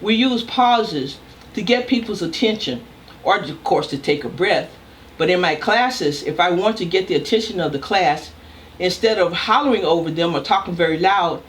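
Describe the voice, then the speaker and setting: An older woman, a communication professor, giving a recorded lecture in a loud, emphatic, deliberate way. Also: lowish voice, expressive, a little hiss or hum.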